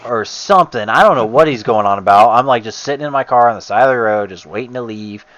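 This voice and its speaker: A man's voice: mid-range voice, fast talker, fairly bright tone, dry recording, lo-fi sound. A man casually telling a long story while gaming, rambling and swearing heavily, and getting heated. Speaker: gamer streamer.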